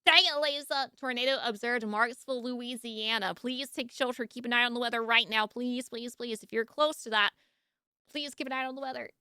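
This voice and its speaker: A woman's voice: a little high, fairly even intonation, brisk, sharp tone, clear, resonant tone, no room sound, studio quality. A woman streamer reacting live in a casual, laughing way, cooing at her dog between comments.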